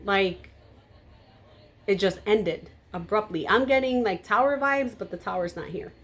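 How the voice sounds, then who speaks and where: A woman giving a tarot reading to camera, blunt and emphatic, naturally loud, with casual swearing. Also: mid-range voice, a little slow. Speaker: tarot reader.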